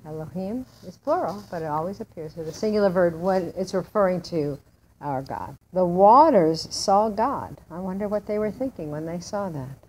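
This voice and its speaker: A woman with a slightly low voice teaches a small class, breaking a text down word by word. She keeps asking her students questions as she goes. Faint room noise sits behind her. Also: animated, moderate pace, dark tone, poor audio. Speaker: Hebrew teacher. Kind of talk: classroom Bible lesson with students.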